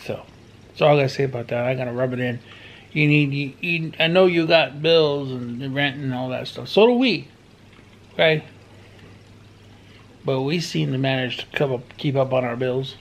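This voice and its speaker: A man's voice: medium pitch, normal speed, long pauses, slight background noise. A man chatting bluntly at home for his vlog, rambling and cussing, sometimes raising his voice. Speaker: vlogger. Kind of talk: casual home vlog chat.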